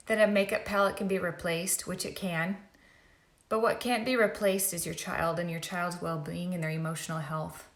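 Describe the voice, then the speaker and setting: A woman's voice: on the low side, fairly even intonation, normal speed, reverberant. A woman YouTuber talking in an earnest, rambling, emotional way, speaking out in a commentary vlog.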